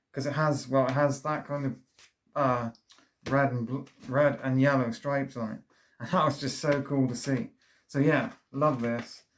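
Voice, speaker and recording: Rambling, enthusiastic man. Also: medium pitch. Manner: enthusiastic, rambling with many fillers and restarts. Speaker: vinyl record reviewer. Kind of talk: casual review monologue.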